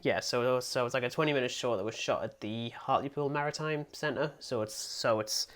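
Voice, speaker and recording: An English podcast co-host with a medium-pitched, fairly bright voice talks at a moderate pace in a casual film review chat. He rambles and puts himself down, with frequent "um"s and laughter.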